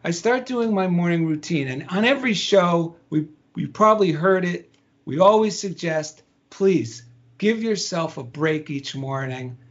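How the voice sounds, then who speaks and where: High-voiced man telling a story. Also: a little slow, lo-fi sound. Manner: animated storytelling with acted inner voices. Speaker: podcast co-host. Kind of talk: casual chat.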